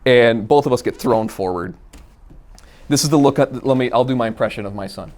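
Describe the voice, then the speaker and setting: A man telling a personal car story in a casual, animated way, acting out the dialogue. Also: medium pitch, brisk. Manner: animated, acts out quoted dialogue. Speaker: guest storyteller.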